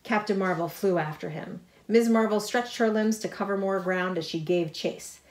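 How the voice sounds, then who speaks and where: A middle-aged woman reading her own picture book aloud, lively, with chatty asides about the pictures. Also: medium pitch, moderate pace, a little hiss or hum. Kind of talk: storybook read-aloud.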